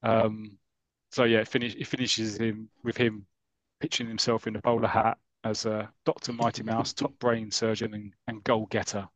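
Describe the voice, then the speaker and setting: A man's voice: lowish voice, flat delivery, moderate pace, dry recording. Man retelling an old comic strip. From United Kingdom. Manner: enthusiastic, rambling, acts out characters' lines. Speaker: podcast host. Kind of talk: casual chat, retelling a comic story.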